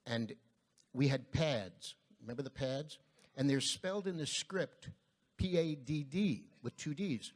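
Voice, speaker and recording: A man with an average voice sharing memories on a convention panel. He talks in a relaxed, fond way, pausing with small ums. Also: mid-range voice. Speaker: cast member at a reunion panel. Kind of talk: reminiscing on a panel.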